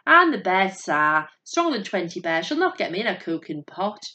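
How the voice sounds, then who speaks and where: A woman's voice: fairly low pitch, very animated, moderate pace, bright, forceful tone. A woman voicing an old bear king who is proud but tired and pleading. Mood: boastful.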